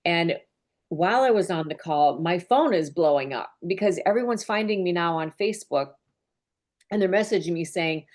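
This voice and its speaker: A business mentor speaks to her team on a group call, earnest and openly emotional in a conversational way. Her voice is on the low side and darkish in tone, animated, at a moderate pace.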